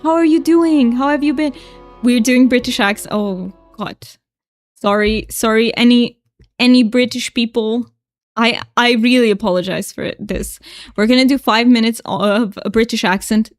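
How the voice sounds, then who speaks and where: A woman's voice: fairly high pitch, steady tone, normal speed, no room sound, studio quality, soft background music. A woman streaming a game, chatting casually with viewers, giggling often and thanking them. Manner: giggly, laughs often between lines. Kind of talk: casual livestream chat.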